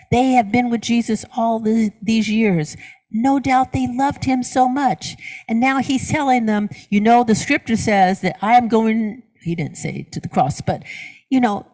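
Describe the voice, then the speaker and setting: Preaching to her congregation, this middle-aged woman minister has a slightly high voice. Her sermon is built on questions she asks and then answers on her own, with words repeated to drive points home.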